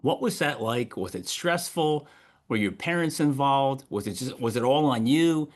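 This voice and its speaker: A man's voice: medium pitch, expressive, moderate pace. A man hosting a podcast interview, chatting casually and asking several questions in a row. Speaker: podcast host.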